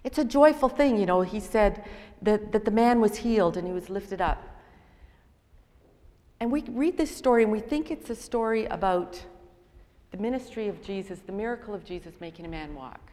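A woman's voice: mid-range voice, lively intonation, moderate pace, a little mellow. An older woman delivers a sermon through personal stories, poking fun at herself along the way. Her voice carries a long reverb, as if recorded in a large hall. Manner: storytelling, self-deprecating. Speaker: speaker.

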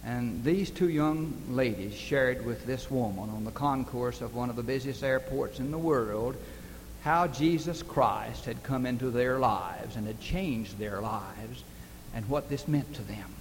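With a medium-pitched voice and a measured pace, a man earnestly tells stories in his sermon, building toward emphatic questions. The recording captures him at a distance in a reverberant hall, with a faint hiss.

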